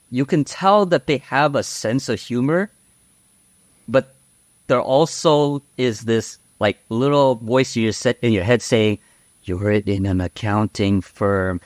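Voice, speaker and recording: On a podcast, a guest tells casual stories in a mid-range voice that runs a little slow. He speaks bluntly and rambles, leaning on fillers and tag questions, with no room sound.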